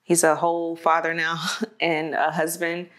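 A woman's voice: low-pitched, monotone, unhurried, fairly bright tone. A woman as an interview guest speaking candidly and hesitantly, with many fillers, on a lapel mic in a studio. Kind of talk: casual conversational interview. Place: indoor studio with white background.

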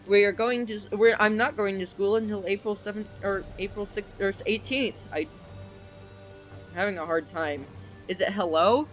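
A man giving excitable live commentary while playing an online game, with a desk microphone. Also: high voice, poor audio. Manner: excitable, quick reactions and exclamations. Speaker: gamer. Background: faint game music.

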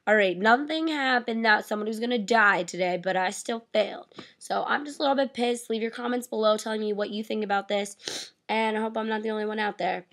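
A teenage girl vlogging, venting with frustration and plenty of swearing, acting out both sides of a conversation in a flat quoting voice. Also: fairly high pitch, fast. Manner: frustrated, profane, animated retelling; reenacts dialogue in flat quoting voice. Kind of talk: casual venting to camera.

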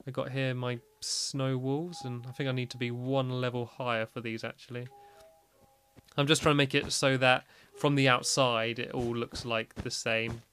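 A man chats his way through a building game, rambling and dotted with fillers and little laughs. His voice sits in an ordinary middle pitch. Quiet music plays underneath. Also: flat delivery, moderate pace. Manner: chatty and rambling, with frequent "like" fillers and small laughs. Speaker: gaming video host. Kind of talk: casual gameplay commentary.

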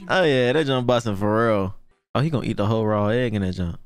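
A young man hosting a casual anime reaction, excitable and slangy, laughing often and breaking into delighted shouts. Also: medium pitch, brisk, clean tone, no room sound, soft background music.

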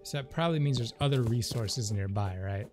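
A man's voice: medium pitch, brisk. A man giving casual, rambling commentary as he plays a video game. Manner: chatty, rambling asides. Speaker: let's play host. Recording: game music behind the voice.

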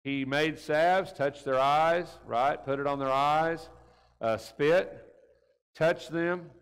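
A man's voice: fairly high pitch, fairly even intonation, slow, smooth. Folksy man teaching in a reverberant room. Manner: folksy, keeps asking rhetorical tag questions. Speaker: Bible class teacher. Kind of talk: conversational Bible lesson. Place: church classroom.

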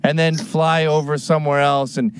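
Man, talk show host, blunt and crude, mocking, slightly higher pitch. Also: level tone, normal speed, a little hiss or hum. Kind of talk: casual chat, opinion monologue.

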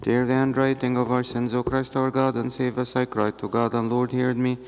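Solemn priest reading prayers in a church. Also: male voice, mid-range voice, little pitch movement, normal speed. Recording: reverberant church hall.

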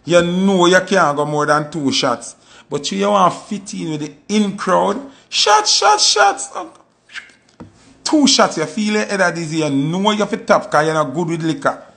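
A man with a Jamaican Patois accent, telling stories in a casual monologue and acting out quoted voices with sudden high jumps. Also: normal speed, gravelly, a bit bright. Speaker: commentator.

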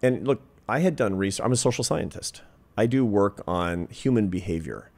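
Low-voiced man telling a story. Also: moderate pace, creaky. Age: 50s. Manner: earnest, animated anecdote-telling. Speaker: interview guest, social scientist. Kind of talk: reflective storytelling in conversation.

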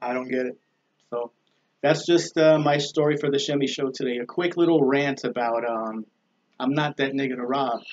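A man's voice: mid-range voice, moderate pace. A man hosting his own vlog, ranting casually in a loose, profane, laughing way. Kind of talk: casual rambling rant. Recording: dull lo-fi with faint noise.

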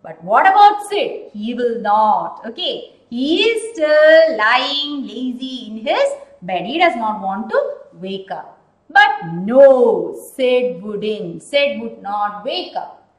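A woman teacher walks through a story lesson at an unhurried pace, repeating words and asking questions. Her voice is high and full of movement. The room echoes around her. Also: very animated. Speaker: English teacher. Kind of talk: recorded class lesson. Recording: roomy echoing room.

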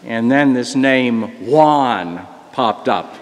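An older man, a priest, telling a story in a sermon, reflective and gentle. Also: medium pitch, extremely slow, big-room sound. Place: church.

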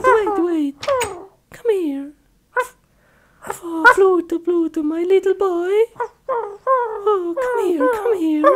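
A woman's voice: extremely high pitch, background noise. A woman playing a doting dog owner who gushes tearfully over her pet. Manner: gushing, tearful baby-talk to a pet.

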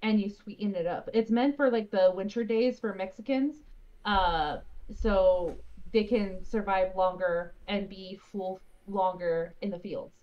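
Woman streamer, mid-pitched, chatty and explanatory, slightly dull recording. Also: a little slow. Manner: chatty, explains at length, laughs often. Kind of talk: casual chat while gaming.

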